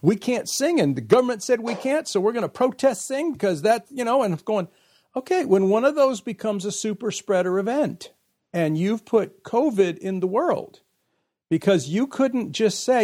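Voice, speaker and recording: A man's voice: sits high, animated, normal speed, darkish tone, no room sound, clean studio sound. Earnest man hosting a faith podcast. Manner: reads listener emails aloud, reflective and earnest. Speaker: podcast host. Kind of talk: casual podcast conversation.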